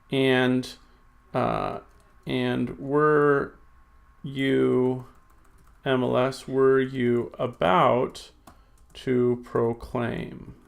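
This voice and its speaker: A Greek teacher with a creaky, mid-range voice records a lesson working through exercises. As he types he thinks out loud, frequently backtracking and peppering his talk with fillers.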